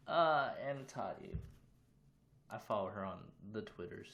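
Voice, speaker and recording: A man's voice: lowish voice, animated, unhurried, gravelly, a bit bright. A man casually hosting a livestream from his room, chatting loosely and greeting viewers with questions. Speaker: livestream host.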